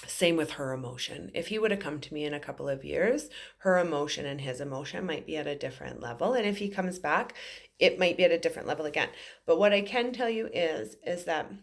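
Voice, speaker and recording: A psychic medium in her forties, with a low, expressive voice and quick pace, tells an emotional story to camera. She's earnest and rambling, using many fillers.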